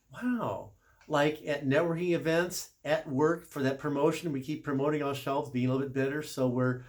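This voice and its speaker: A middle-aged man and car shop service manager telling a story in a casual, chatty way, correcting himself and laughing a little as he goes. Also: fairly high pitch.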